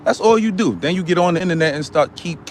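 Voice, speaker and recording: A man doing a loud, boastful ranting guy. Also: a little high, animated, quick pace, a little hiss or hum, natural voice. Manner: ranting, repetitive, swinging from mutters to yells.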